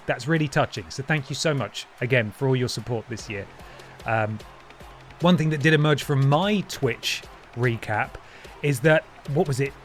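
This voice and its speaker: Chatty male streamer thanking viewers. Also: a little high. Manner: chatty, thanks viewers by name, trails off mid-sentence. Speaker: livestream host. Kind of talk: casual live-stream chat.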